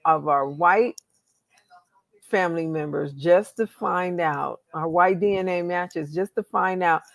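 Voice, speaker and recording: Thinking out loud while she searches records on screen, a California-based woman with a Southern US accent hosts a relaxed genealogy chat. She speaks unhurriedly at a fairly low pitch with vocal fry, and there's no echo.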